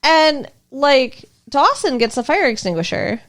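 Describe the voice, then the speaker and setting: A woman with a fairly high voice co-hosts a podcast in casual chat. She is blunt and indignant and swears freely. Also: very animated, unhurried. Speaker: podcast co-host.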